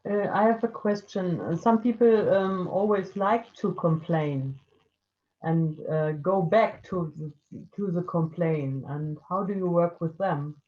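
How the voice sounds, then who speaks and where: Slow, hesitant woman on a tinny line. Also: fairly low pitch. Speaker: student asking a question.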